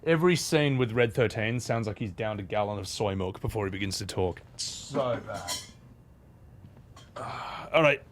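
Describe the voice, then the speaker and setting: A man streaming a video game, swearing and ranting at the controls, then mumbling softly to chat. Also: fairly low pitch, unhurried, a little hiss or hum. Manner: swears a lot, rants loudly at the game, then drops to soft mumbles. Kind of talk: live gameplay commentary.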